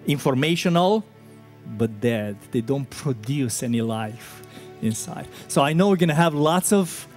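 A man's voice: medium pitch, lively intonation, unhurried, darkish tone, soft background music. A man preaching a sermon as pastor, talking in an earnest, conversational way with frequent fillers. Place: church hall.

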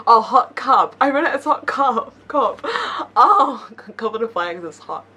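A woman's voice: on the high side, animated, slow, sharp tone, breathy edge. A young woman YouTuber reading memes aloud with playful commentary, giggling often and teasing herself. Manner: giggly, laughs between lines; playful, self-mocking asides.

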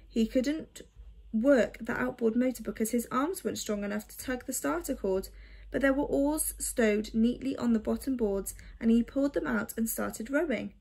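A woman reading a children's story aloud in a measured, expressive way. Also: a little high, gravelly.

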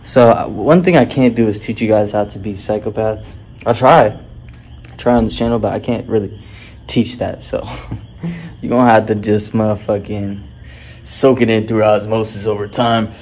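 A man's voice: on the low side, moderate pace, a little mellow, slight background noise. Cocky, foul-mouthed man hyping himself. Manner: boastful and heavily profane; swaggering street slang. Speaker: fitness and mindset coach. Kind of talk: motivational vlog monologue.

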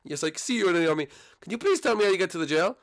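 A man hosting a Minecraft role-play, talking in quick, exasperated asides. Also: high-pitched, very animated. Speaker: channel host.

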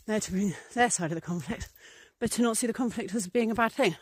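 With a quick, husky mid-range voice and no room sound, an English woman chats loosely to camera. She is a priestess and vlogger whose talk wanders, fills up with ums, and breaks into little scenes she acts out.

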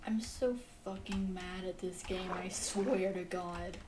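A woman's voice: on the low side, background noise. A woman live-streaming a game in casual chat, exasperated and talking back at the game and her viewers. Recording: echoey room, mic set far off.

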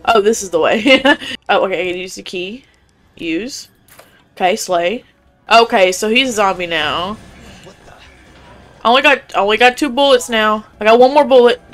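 A woman's voice: mid-range voice, lively intonation, moderate pace, long pauses, fairly bright tone, soft background music. A young woman streaming a horror game, chatting casually and reacting in a jumpy, squeamish way. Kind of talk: live gameplay reaction.

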